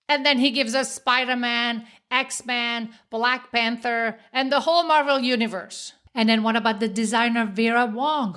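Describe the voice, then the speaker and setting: A woman's voice: a little high, fairly bright tone. Upbeat Swiss French woman hosting. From French-speaking Switzerland. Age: middle-aged. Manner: playful and encouraging, with dramatic slowed emphasis. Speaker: podcast host. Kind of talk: motivational podcast talk.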